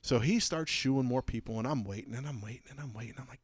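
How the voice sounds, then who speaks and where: A man of average pitch co-hosts a podcast and spins a rambling anecdote with plenty of fillers and restarts. His delivery is animated and chatty, and the sound is close and dry with no room echo. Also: quick pace, slightly rough. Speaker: podcast co-host. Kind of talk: casual storytelling chat.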